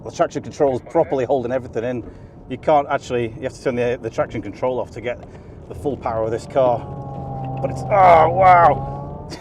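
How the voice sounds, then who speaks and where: A man giving excited, laughing commentary from inside a car on a race track. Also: mid-range voice, quick pace. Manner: enthusiastic, laughing often. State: out of breath. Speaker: car vlogger. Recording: car and track noise behind.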